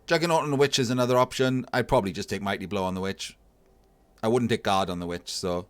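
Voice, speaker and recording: A man casually commentating a video game tournament match, analysing plays in a relaxed, thinking-aloud way. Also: lowish voice, fast talker, no echo. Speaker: tournament caster.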